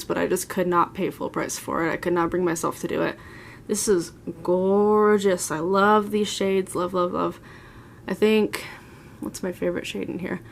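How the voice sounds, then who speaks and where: A woman's voice: lowish voice, vocal fry, a little hiss or hum. Gushing young woman vlogger, chatty. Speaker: beauty vlogger. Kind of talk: casual makeup collection tour. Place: at home, seated.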